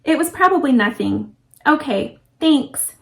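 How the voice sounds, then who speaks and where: A woman reading aloud, voicing a practical teenage girl who talks sensibly and calmly. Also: sits high, a little slow, vocal fry, heavily acted. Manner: reasonable, reassuring.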